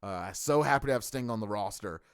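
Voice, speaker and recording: A man's voice: lowish voice, expressive, a little fast, clean tone, no echo, studio quality. A middle-aged man hosting a live stream, reviewing a show in an enthusiastic, rambling way with lots of fillers and restarts. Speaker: wrestling stream host.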